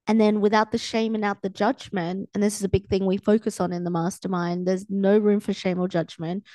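A woman's voice: mid-range voice, flat delivery, a little fast, mellow, no room sound. Chatty woman coaching, dry sound. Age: young adult. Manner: chatty, filler-heavy, acts out quoted thoughts. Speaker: podcast host and coach. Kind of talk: casual solo podcast talk.

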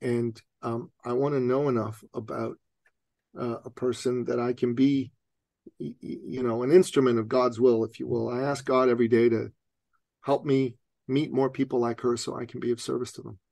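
A man with a gravelly, creaky edge to his mid-pitched voice tells a personal story as a podcast guest. He is animated, often laughing and acting out the other people in his story. His voice sounds dry and close, with no room sound. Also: moderate pace, no echo.

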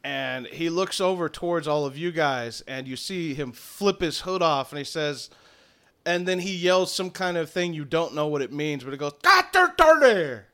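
A man narrating as game master of a tabletop game, playful and quick to laugh. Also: on the high side, fairly bright tone, clear, resonant tone. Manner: playful, laughing, slips into mock Scottish druid voices.

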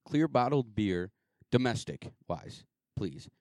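A man's voice: fairly low pitch, very animated, slow pace, a little mellow, no room sound, studio quality. A man from Michigan co-hosting a casual beer podcast, opinionated and joking. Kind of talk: casual chat over beers.

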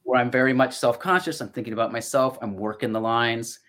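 A man's voice: mid-range voice, brisk, a bit bright. A middle-aged man and voice actor talking casually as a podcast guest, reflective and storytelling, often restarting his sentences. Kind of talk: casual conversation.

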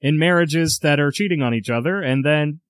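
A man co-hosting a casual movie chat, profane and excitable, laughing often. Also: a little high, moderate pace, clean tone, no room sound, clean studio sound. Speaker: podcast co-host.

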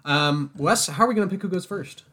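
A man in his twenties co-hosting a casual movie chat, with upbeat, quick banter. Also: high voice, lively intonation, sharp tone. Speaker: podcast co-host.

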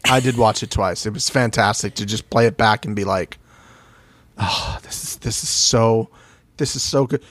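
A man's voice: fairly low pitch, moderate pace, dry recording. A man co-hosting a podcast in casual, profane chat, often quoting other people as he talks. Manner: animated, profane, quotes others. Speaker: podcast co-host.

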